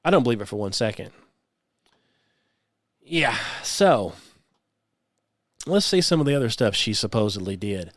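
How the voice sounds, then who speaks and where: A man's voice: on the low side, very animated, normal speed, long pauses, no room sound, clean studio sound. A man hosting his own show, talking alone in a sarcastic, scoffing way with folksy phrasing. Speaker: podcast host. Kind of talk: solo commentary.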